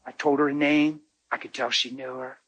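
Emotional, husky-voiced male pastor. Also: medium pitch, level tone, normal speed, no room sound, poor audio. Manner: emotional, conversational, dramatic shifts between hushed and loud. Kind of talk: storytelling sermon.

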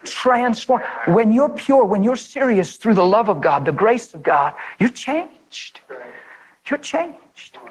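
A man preaching a sermon, fervent and animated, speaking straight to his listeners and acting out prayers. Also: slow, low-quality recording. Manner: fervent, animated, voice leaps high when excited; addresses listeners directly and acts out prayers.

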